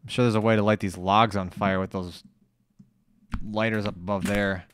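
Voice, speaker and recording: A man giving let's play commentary, excitable, swearing and scolding himself out loud as he plays. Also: lowish voice, normal speed, a little hiss or hum. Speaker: gamer playing a video game.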